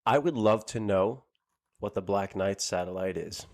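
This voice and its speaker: A man's voice: fairly low pitch, normal speed. A man co-hosting a casual comedy podcast, rambling, swearing and laughing as he chats. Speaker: podcast co-host.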